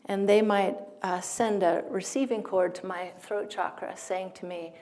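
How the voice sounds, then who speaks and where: An American woman giving a spiritual talk to an audience, gentle and unhurried, laughing often and sometimes dropping to a near whisper. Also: mid-range voice, steady tone, heavy background noise. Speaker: speaker at a healing talk.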